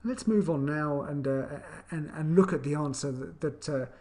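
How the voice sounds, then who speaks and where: A man teaching an online English grammar lesson, chatty, with many fillers and restarts, acting out intonation as he explains. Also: normal speed. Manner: acts out intonation with animated pitch.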